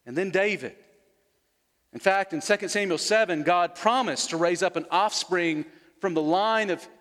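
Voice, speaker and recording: A man's voice: high voice, fairly bright tone, long reverb tail. A man preaching an expository sermon, earnest, repeating words for emphasis and putting questions to his listeners.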